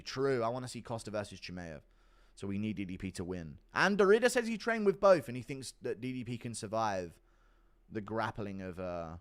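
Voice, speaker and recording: A man hosting a livestream, reading donations in a blunt, crude, offhand way. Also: on the low side. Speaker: livestream host. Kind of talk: casual chat reading donations.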